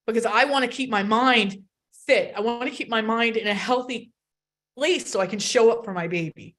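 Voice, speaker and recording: A woman's voice: fairly high pitch, normal speed, a bit bright. A woman coaching parents in a live online workshop, talking bluntly and emphatically and swearing freely. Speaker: autism potty training coach.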